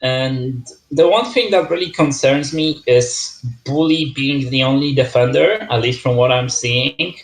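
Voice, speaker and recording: A man's voice: mid-range voice, a little slow, few pauses. Male league host, casual and chatty, echoey room. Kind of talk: casual esports league preview.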